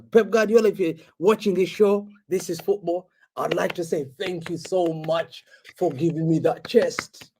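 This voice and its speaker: A young man co-hosting a football podcast, chatting in casual banter, excitable and teasing, laughing often. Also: high voice, moderate pace, gravelly, breathy edge.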